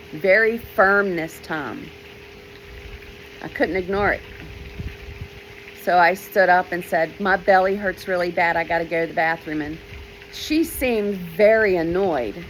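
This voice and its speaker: A woman's voice: mid-range voice, fairly bright tone, a little hiss or hum, rough recording. A woman, an author, telling a personal story from her childhood and acting out the voices she quotes. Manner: unhurried, starts many sentences with "well", acts out quoted voices.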